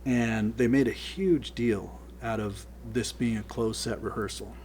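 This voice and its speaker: A middle-aged man spinning show-business anecdotes with loose, animated energy. His voice sits at an ordinary middle pitch, and he laughs readily as the stories build. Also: a little slow, a little hiss or hum. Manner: animated, laughs through his stories and acts out quoted lines. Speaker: guest, line producer. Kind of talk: casual anecdotal storytelling.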